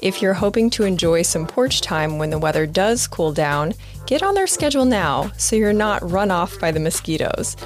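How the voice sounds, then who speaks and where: Woman podcast host, friendly and upbeat, lowish voice, faint music underneath. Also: animated, normal speed. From United States. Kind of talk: casual interview and ad reads.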